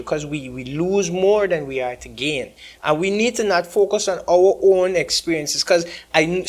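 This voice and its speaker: Guyanese guy on a tv panel, kinda high voice, earnest, leans hard on words. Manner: earnest, stresses key words. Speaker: activist guest. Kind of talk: panel discussion.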